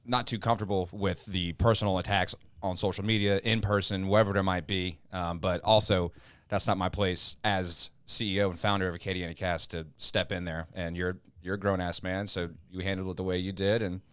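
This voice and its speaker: A man's voice: low-pitched, level tone, a little fast, hardly any pauses, fairly bright tone, clean tone, no echo. A man who runs the podcast network, chatting casually and making dry, joking asides. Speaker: network founder and CEO.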